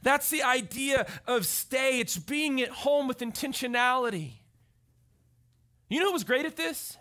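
A man preaching a conversational sermon as pastor, telling stories with animated delivery and often checking in with the crowd. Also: very high voice, a little slow. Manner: animated storytelling, often asks the crowd "right?".

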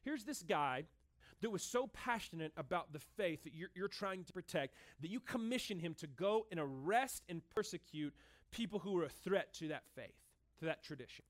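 A male pastor preaching a sermon in a lively, conversational, joking manner, in a room with an audience. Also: high voice, moderate pace. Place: room with cameras and a listening crowd.

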